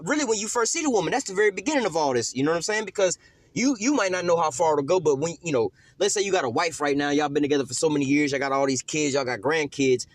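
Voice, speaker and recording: A man preaching a casual street-style sermon, slangy and profane, with frequent drawn-out "uh" fillers between phrases. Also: fairly high pitch, no echo. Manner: slangy, profane, repeats "you know what I'm saying"; fills pauses with drawn-out "uh".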